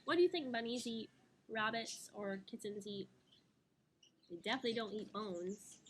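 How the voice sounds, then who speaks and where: A woman teacher reading a picture book to young children, gentle and animated, often asking them questions. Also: a little high, moderate pace, slight background noise.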